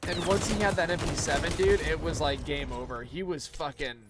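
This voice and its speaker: A man's voice: on the high side, brisk, noisy background. A man streaming a game, telling a long story in rambling, profane casual commentary. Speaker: gaming streamer. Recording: gameplay with clear gunfire behind. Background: game gunfire.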